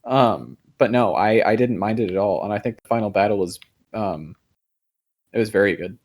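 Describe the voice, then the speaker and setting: A young man co-hosts a podcast in a relaxed, rambling chat, full of filler words, false starts and casual profanity. His lowish voice is a little mellow and his pace moderate.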